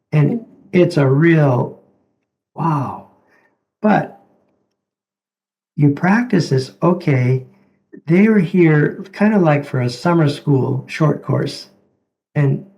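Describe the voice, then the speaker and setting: A gentle, halting man talks at an unhurried pace. His voice sits a little high with a gravelly edge and a mellow, darker tone. He is a doctor telling stories as an interview guest. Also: low-quality recording. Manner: gentle, halting, repeats words. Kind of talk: reflective storytelling in conversation.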